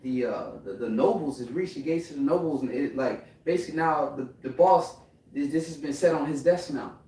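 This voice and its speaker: A man's voice: on the high side, fairly quick, dark tone. A man in a Bible class retelling scripture casually, peppered with "man" and "you know". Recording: echoey room from far off.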